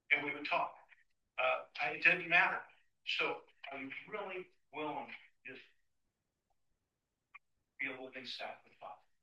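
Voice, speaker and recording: Bright-voiced man preaching in an echoey church. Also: fairly high pitch, distant mic, muffled recording. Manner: animated storyteller acting out dialogue, then quiet and earnest. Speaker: pastor. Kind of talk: sermon with personal story. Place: church sanctuary.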